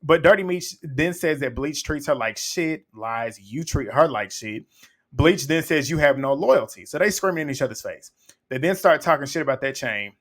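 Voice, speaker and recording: Guy w doing a reality tv recap, blunt n mocking, kinda high voice. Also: lively intonation, moderate pace, fairly bright tone. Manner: blunt, mocking, laughs often. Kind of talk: casual recap commentary.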